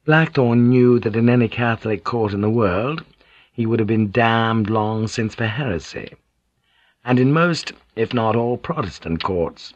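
A man reading a historical novel aloud as a narrator, measured and steady, changing his voice for the characters. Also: fairly low pitch, no room sound. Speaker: audiobook narrator. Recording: dull, dry studio sound.

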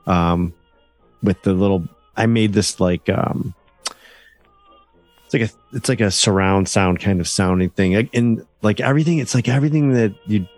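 A man's voice: on the low side, normal speed, darkish tone, no room sound, soft background music. A man from the New York area co-hosting a podcast, talking casually in a rambling way with lots of fillers. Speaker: podcast co-host. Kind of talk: casual chat.

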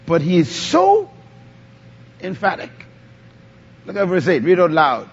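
High husky guy preaching, keeps asking the crowd to answer him. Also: huge pitch swings, a little slow. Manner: call-and-response preaching, asks the congregation to answer. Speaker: pastor. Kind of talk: sermon. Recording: dull lo-fi sound.

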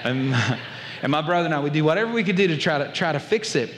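A man with a drawl delivers a sermon, weaving in a childhood story and acting out family voices. His voice sits fairly high for a man. Long reverb trails behind him, as if he is in a large hall. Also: lively intonation, quick pace, fairly bright tone, a little hiss or hum. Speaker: pastor.

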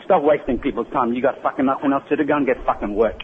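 Irate restaurant manager, swearing, heard over a tinny phone line with hiss. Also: male voice, mid-range voice, fast talker. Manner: angry, swearing, insulting.

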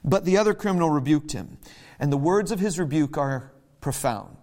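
Male pastor, sermon, high-pitched, animated, dramatizes quotes with big pitch jumps. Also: moderate pace. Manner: conversational and emphatic.

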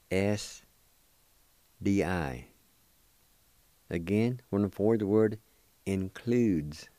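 A man leads a radio language lesson in a deep, smooth, mellow voice. He spells words one letter at a time and repeats them slowly. The sound is close and dry. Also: no echo.

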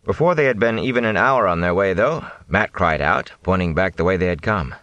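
Deep-voiced man narrating dramatically. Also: brisk, no room sound, dull audio. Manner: dramatic, expressive storytelling. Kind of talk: audiobook narration.

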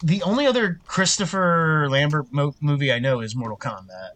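A man's voice: fairly high pitch, expressive, moderate pace, a bit bright. A man co-hosting a casual film podcast, who rambles with lots of "like" and swears freely. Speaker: podcast co-host. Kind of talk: casual chat.

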